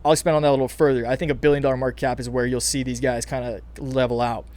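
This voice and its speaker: A young man hosting casual crypto market commentary, excited and hyped, with frequent restarts and calls to "you guys". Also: medium pitch, racing. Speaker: crypto channel host.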